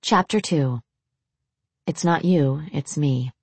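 A woman reading a novel aloud in steady, measured narration. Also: low voice, vocal fry, breathy edge, dry recording. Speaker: audiobook narrator. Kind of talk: scripted narration.

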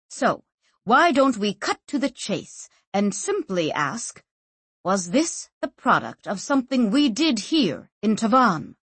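A woman narrator voicing a composed, tired woman leader of a merchant house who speaks firmly and deliberately in an audiobook. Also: a little high, a bit bright, slightly rough, no echo, heavily acted. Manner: measured, firm and deliberate. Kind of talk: audiobook character voice.

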